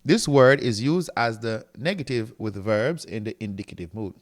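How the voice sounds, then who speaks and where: A man's voice: on the low side, normal speed. Man teaching a language lesson. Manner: explains step by step, often checks with "right?"; reads from a textbook and writes on a board. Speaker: Greek teacher. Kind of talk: recorded classroom lecture.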